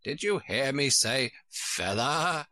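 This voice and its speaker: A man's voice: mid-range voice, expressive, slow, pushed and bright, dry recording, studio quality, heavily acted. A man doing a curt, grumpy old sheep lady. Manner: curt, snappish. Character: grumpy old female sheep, knitting and terse.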